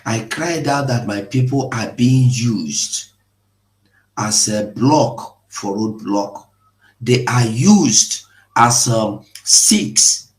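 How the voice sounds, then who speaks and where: A man's voice: medium pitch, expressive, very slow, roomy sound, low-quality recording. A man, giving an impassioned, rhetorical live broadcast. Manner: emotional, rhetorical, mocking laughs at times. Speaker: online broadcaster.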